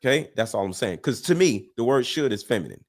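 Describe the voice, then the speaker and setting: Emphatic man with a lively swinging voice. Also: mid-range voice, fast. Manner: emphatic, repeats himself, profane; interrupts with 'listen' and 'hold on'. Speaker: guest debater. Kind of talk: heated debate.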